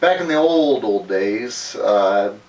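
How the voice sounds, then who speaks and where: A man's voice: lowish voice, animated, slow, a little mellow, recorded from a distance. Man, casual profane storytelling, roomy echo, away from the mic. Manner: profane, rambling, laughs between words. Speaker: fighter telling a story.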